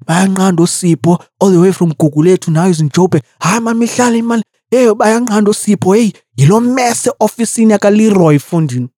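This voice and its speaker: A woman's voice: mid-range voice, brisk, hardly any pauses, warm tone, dry recording, clean studio sound, close to an everyday voice. A woman voicing a man who urgently tries to break up a fight.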